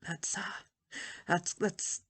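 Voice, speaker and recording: A woman in her fifties talking candidly and with feeling in a personal health vlog, rambling at times. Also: slow. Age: 50s. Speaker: vlogger.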